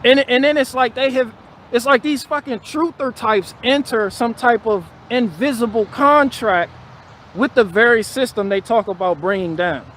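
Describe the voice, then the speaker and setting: A man holds forth bluntly and profanely on a casual live stream, doubling back and restarting phrases as his rant builds. His voice is notably high and a bit bright, his pace moderate, and a faint hiss of noise lies under the audio.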